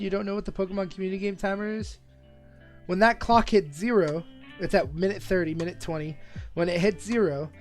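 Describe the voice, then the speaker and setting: A young man streaming live reaction commentary, excitable and profane, rambling between bursts of laughter. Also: high-pitched.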